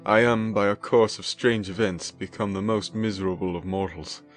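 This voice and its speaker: A low-voiced man gives a dramatic, emotive first-person reading of a classic novel. Faint music sits under his narration. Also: steady tone, normal speed. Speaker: audiobook narrator.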